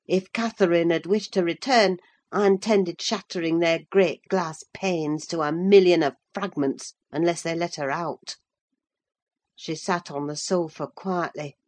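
A woman reading a novel aloud in steady, measured narration. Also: on the low side. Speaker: audiobook reader. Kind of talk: scripted narration.

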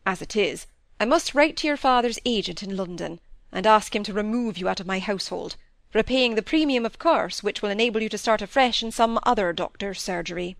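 A woman's voice: mid-range voice, a little fast, no echo, close to an everyday voice. A woman reading aloud as a dry-witted, stern middle-aged male country doctor in a storybook. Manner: wry, then sternly lecturing.

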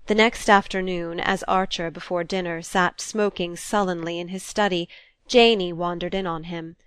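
A woman narrating a classic novel in an even, measured reading. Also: on the low side, clear, resonant tone, dry recording. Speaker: audiobook narrator.

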